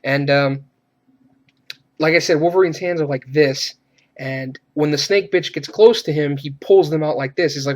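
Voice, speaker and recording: A man's voice: on the high side, moderate pace. A man giving a casual, rambling film review, cursing freely and getting worked up as he rants. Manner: rambling, profane, gets worked up when ranting. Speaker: movie reviewer.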